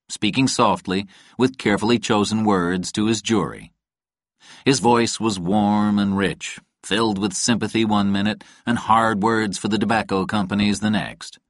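With studio-quality sound and no room sound, a male audiobook narrator reads from a novel in a scripted, calm and even storytelling style. His voice sits on the low side.

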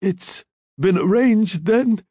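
A man's voice: high voice, animated, slow, a little mellow, breathy edge, no echo, clean studio sound, voice pushed up, exaggerated voice. A man reading a book aloud, voicing a feverish dying old man who begs and cries out for help. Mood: sly. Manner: desperate pleading, crying out.

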